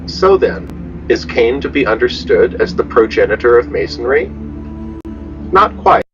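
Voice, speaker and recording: Solemn male documentary narrator; muffled, distant clip over loud music. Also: medium pitch, moderate pace.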